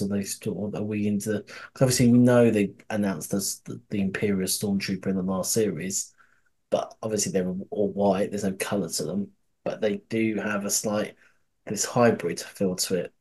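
Podcast co-host, male, low and husky, loose rambling delivery with plenty of swearing. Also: steady tone, moderate pace, a little mellow. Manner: rambling, many restarts, swears, laughs. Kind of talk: casual chat about a TV series.

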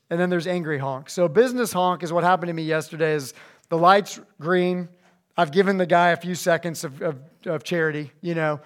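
High, animated man preaching to teens. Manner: animated, joking, acts out quotes with big pitch jumps. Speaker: youth pastor. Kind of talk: energetic sermon to teens.

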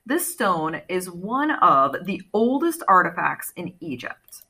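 A woman narrates an audiobook with an expressive storytelling manner. Her tone is clear and bright. Her pitch rises and falls a great deal as she acts out the characters. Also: slow. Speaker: audiobook reader.

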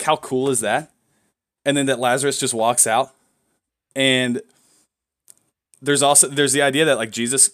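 A young man co-hosting a casual faith podcast, excitable and prone to loud whoops of joy. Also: medium pitch. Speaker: podcast co-host. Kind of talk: casual chat.

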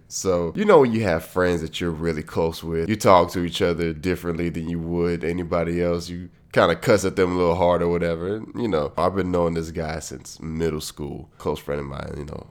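A man hosting his podcast in a loose, profane, joking monologue, his voice nasal and congested from a cold. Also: sits low. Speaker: podcast host. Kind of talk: casual monologue.

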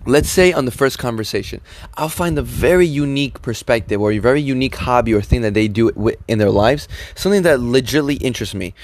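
A man co-hosting a podcast, giving social advice in a casual, animated and rambling way. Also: medium pitch, fast talker, no echo. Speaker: podcast co-host.

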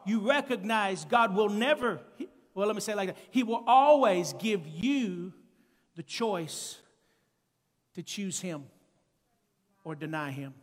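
A male preacher delivering an emphatic sermon, calling out to the congregation and building up to shouted peaks. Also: high voice, animated, slow pace, pauses often. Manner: calls to the congregation. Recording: long church-hall reverb.

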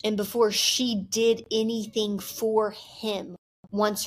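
A woman's voice: medium pitch, little pitch movement, takes it slowly. Earnest young woman sharing her faith. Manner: earnest, candid, filler-heavy with frequent "like". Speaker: Christian vlogger. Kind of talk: heartfelt faith talk to camera.

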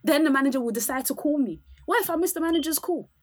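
A woman's voice: high-pitched, quick pace, a crowd in the background. A woman chatting on a podcast, telling complaint stories animatedly and acting out her own phone calls. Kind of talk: casual podcast chat.

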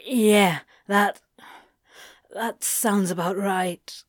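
A flustered male demon gasps out halting, stammering words in a strained, rougher voice, as a woman reading the story acts him out. The delivery is louder and breathier than the narration, and is recorded close and dry. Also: mid-range voice, steady tone, dry recording. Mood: breathless.

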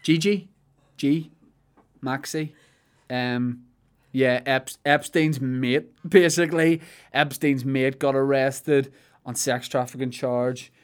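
A man's voice: medium pitch, slow, clear, resonant tone. Young Northern Irish man, joking podcast chat. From Northern Ireland. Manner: rambling, jokey storytelling with deadpan asides. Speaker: podcast co-host.

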